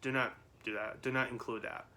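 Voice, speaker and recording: A man's voice: mid-range voice, level tone, a little fast, bright, forceful tone, a little hiss or hum. Rambling, laughing man vlogger. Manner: rambling, laughs often, many restarts and fillers. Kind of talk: casual chat to camera.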